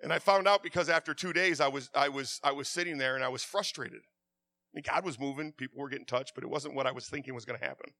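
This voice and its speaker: A man preaches a sermon passionately at a fast clip, his voice medium in pitch. He stammers and repeats words, lurching from hushed confession to loud outbursts.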